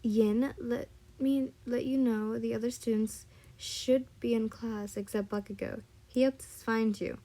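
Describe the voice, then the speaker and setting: Gushing flustered female teacher, voiced by a woman reader; raised, mellow voice. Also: a little high, steady tone, measured pace, natural voice. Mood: calm.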